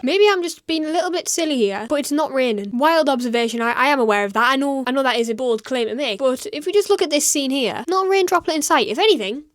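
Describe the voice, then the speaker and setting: A woman's voice: sits high, lively intonation, fast, hardly any pauses. A British woman hosting a comedic reaction video, talking in a sarcastic, rambling way with self-mocking asides.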